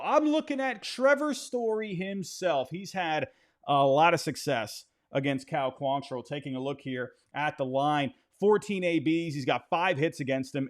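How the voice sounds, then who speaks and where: A man giving a loose, chatty baseball game recap and betting pitch, with frequent fillers and restarts.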